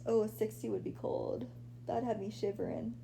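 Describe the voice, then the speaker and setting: A woman's voice: medium pitch, wildly swooping pitch, normal speed, gravelly, dark tone, slight background noise. A young pregnant woman livestreaming from her apartment while lying down, chatting casually with viewers and saying "like" and "y'all" a lot. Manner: chatty, laid-back, says "like" and "y'all" a lot. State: pregnant, a little out of breath.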